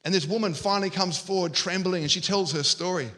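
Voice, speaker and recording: A man's voice: high-pitched, quick pace, few pauses, bright, forceful tone. A man preaching a sermon as pastor, telling Bible stories and acting out the quoted lines. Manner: storytelling, acts out quoted lines.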